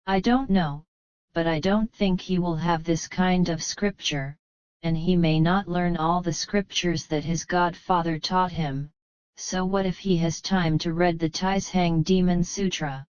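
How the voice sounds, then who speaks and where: Brief: weepy young heroine in a storybook, voiced by a woman. Low-pitched, unhurried, slightly muffled. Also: fairly even intonation, darkish tone, smooth, dry recording, close to an everyday voice. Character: tearful, lonely young heroine.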